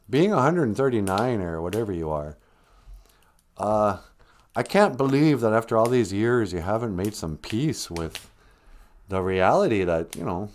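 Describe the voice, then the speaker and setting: A man hosting a comedy live stream, who talks in a blunt, sarcastic, ranting way. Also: fairly low pitch. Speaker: show host.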